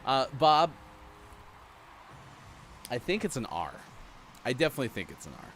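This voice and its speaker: A man's voice: mid-range voice, very animated, normal speed, a bit bright, a little hiss or hum. A man hosting a casual morning show, chatty and laughing at his own jokes. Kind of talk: casual live-stream chat.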